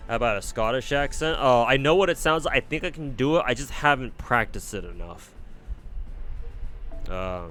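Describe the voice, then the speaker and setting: A man's voice: medium pitch, animated, brisk, bright, forceful tone, faint music behind. A man streaming a game reading, talking casually in a rambling, self-deprecating way with swearing and frequent restarts. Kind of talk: casual live-stream commentary.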